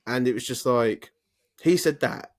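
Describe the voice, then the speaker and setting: A man's voice: medium pitch, measured pace. A man co-hosting a podcast in casual chat, swearing freely and ranting off on tangents. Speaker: podcast co-host.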